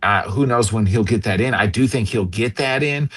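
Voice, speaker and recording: Male fight analyst guest, lowish voice, casual rambling storyteller. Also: normal speed, fairly bright tone, breathy edge. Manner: rambling, storytelling, filler-heavy. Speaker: combat sports analyst guest. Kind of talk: casual sports talk.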